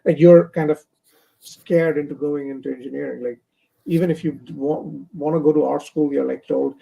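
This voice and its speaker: Gravelly-voiced man, hesitant and warm. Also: a little high, fairly even intonation, moderate pace, rough recording. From India. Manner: hesitant, many fillers and restarts. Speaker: comic artist guest. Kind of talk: casual interview. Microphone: remote stream call.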